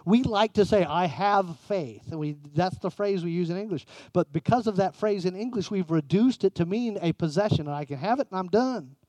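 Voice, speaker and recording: A man preaching a sermon as pastor, emphatic, swinging between raised passages and hushed ones. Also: high voice, brisk, few pauses, dry recording.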